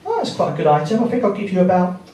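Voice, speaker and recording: Rapid-fire and very animated, this high-pitched comedian performs laddish, sweary stand-up in a theatre and laughs at his own jokes. The audience laughs loudly, the distant mic makes it sound roomy, and there's a little hiss or hum.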